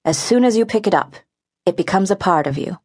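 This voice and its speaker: A stern older brother from a teen audiobook, firm and instructive as he teaches, as a woman narrator voices him. He speaks at a middle pitch. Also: animated, fairly quick, darkish tone, slightly rough. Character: stern older brother giving knife lessons. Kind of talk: audiobook character voice.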